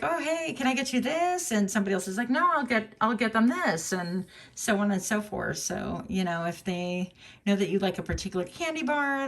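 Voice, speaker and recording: A woman giving a casual tarot reading, chatty and musing aloud with fillers and self-corrections, now and then jumping into a high voice to quote people. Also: fairly bright tone. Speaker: tarot reader.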